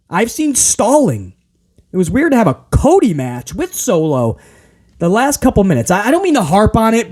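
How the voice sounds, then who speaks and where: A man hosting a casual wrestling review, ranting in an animated, exasperated way. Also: high-pitched. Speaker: podcast host.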